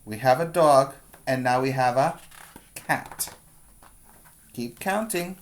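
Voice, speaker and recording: Speaking slowly at a medium pitch, a male preschool teacher reads a picture book aloud to young children. He patiently points out the pictures and asks them questions.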